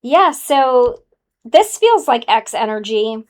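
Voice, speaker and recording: A fairly high-voiced woman does a casual tarot reading straight to camera. She talks with sass and calls the listener honey. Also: very animated, takes it slowly. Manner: sassy, calls the viewer honey. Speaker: tarot card reader.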